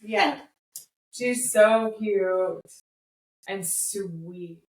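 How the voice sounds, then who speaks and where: A woman co-hosting a podcast, telling stories in a casual, animated way. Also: mid-range voice, very slow. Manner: chatty, animated storyteller with frequent laughs. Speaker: podcast co-host. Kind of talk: casual chat. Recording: roomy, distant mic.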